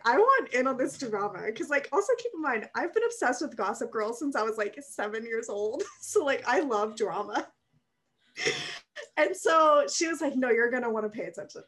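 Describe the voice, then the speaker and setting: A young woman co-hosting a podcast, telling a story in casual chat, animated and laughing often as she acts out quotes. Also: sits high, brisk. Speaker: podcast co-host.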